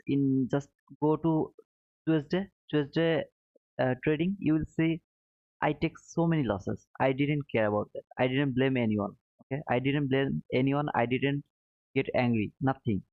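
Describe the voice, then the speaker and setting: Speaking at a normal pace in a mid-range voice, this livestream trading host addresses his audience with apology and self-criticism. His phrasing is non-native and he keeps starting sentences over. The sound is dry and thin, almost like a phone line.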